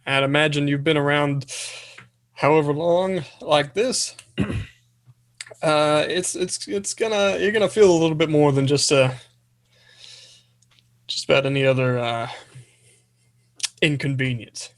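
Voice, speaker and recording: A man's voice: a little high, steady tone, a little slow, long pauses. A man playing a tabletop role-playing game, joking around and talking in character in a casual way. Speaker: player.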